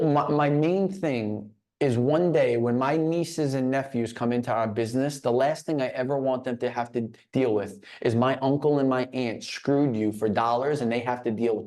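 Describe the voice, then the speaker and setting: A guest at a business leadership session, this man shares a motivational story, stumbling into restarts and doubling words at the beginning of phrases. His voice is medium-pitched and a little mellow.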